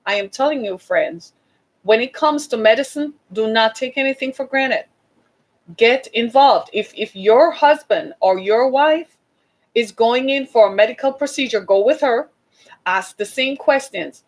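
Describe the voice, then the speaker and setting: A woman's voice: a little high, a little slow, low-quality recording. A woman giving an impassioned talk to an audience, urgent and exhorting, repeating her points for emphasis. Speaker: speaker addressing an audience.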